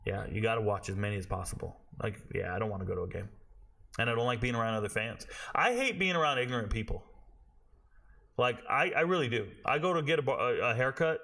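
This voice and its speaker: A man's voice: mid-range voice, animated, fast, gravelly, pushed and bright. A man in his forties hosting a sports show, ranting bluntly in casual talk and swearing freely. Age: 40s.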